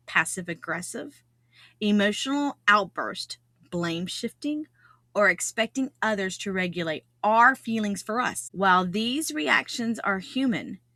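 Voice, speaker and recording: A woman's voice: mid-range voice, bright, forceful tone, no room sound. A middle-aged woman hosting a solo self-improvement podcast, talking earnestly and repeating key phrases for emphasis. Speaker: podcast host.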